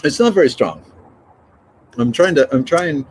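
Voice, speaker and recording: A middle-aged man hosts a casual morning livestream, joking and reading viewer notes aloud. His voice swings widely in pitch as he rambles along. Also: expressive, unhurried, darkish tone, slight background noise. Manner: chatty, joking, reads out viewer comments. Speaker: livestream host.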